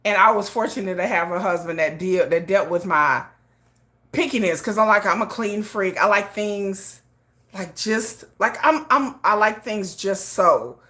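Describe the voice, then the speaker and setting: A woman hosting a casual livestream chat, animated and laughing often. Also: mid-range voice, normal speed. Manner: animated, laughs a lot, switches into hushed and sung put-on voices. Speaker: livestream host.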